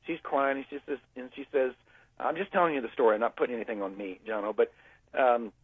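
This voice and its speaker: A man's voice: medium pitch, quick pace, breathy edge, dry recording. A man from the United States talking with many fillers and restarts as he tells a long story to a host, heard over a phone line. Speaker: guest speaker. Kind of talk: conversational storytelling.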